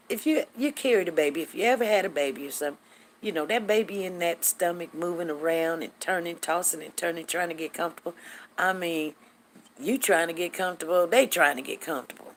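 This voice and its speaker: A middle-aged woman hosting a casual live chat, telling stories in an animated, chatty way and acting out what people said. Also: fairly low pitch, a little hiss or hum. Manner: chatty, animated, acts out quotes, drawls. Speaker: host greeting live viewers.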